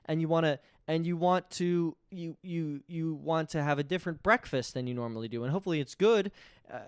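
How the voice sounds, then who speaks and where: A man's voice: fairly high pitch, clear, resonant tone, no echo, studio quality. Rambling young man hosting a podcast. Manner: rambling and tangential, often restarting sentences; wry, self-deprecating. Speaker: podcast host. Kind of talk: casual solo podcast monologue.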